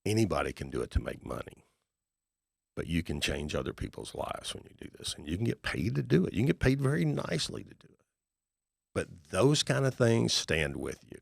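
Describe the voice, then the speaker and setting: A middle-aged man with a very deep, gravelly voice tells stories in a podcast interview. He acts out the voices of the people he talks about in a folksy way. The recording is close and dry. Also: fairly quick, dry recording. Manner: folksy, animated storyteller acting out dialogue. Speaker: guest, real estate investor and author.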